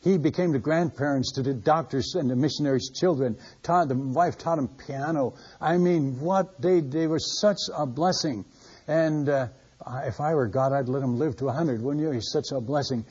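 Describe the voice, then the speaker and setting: A man's voice: on the high side, moderate pace, darkish tone, slightly rough. An older man and missionary preacher, telling stories in a folksy, conversational sermon style with a chuckle in his voice. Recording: dull lo-fi sermon recording.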